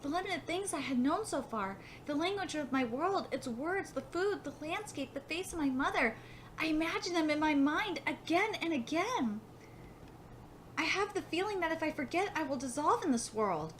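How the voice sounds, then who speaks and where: Woman reading hesitant, lonely young girl, very high and lively. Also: slight background noise. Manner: hesitant, halting. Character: timid young human girl, lonely and unsure.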